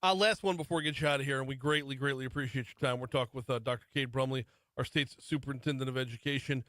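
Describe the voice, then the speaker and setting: A man's voice: mid-range voice, steady tone, fast, fairly bright tone, no echo. A radio talk show host in his forties from Louisiana, interviewing a guest in an easygoing, chatty way. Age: 40s. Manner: easygoing and chatty, laughs easily.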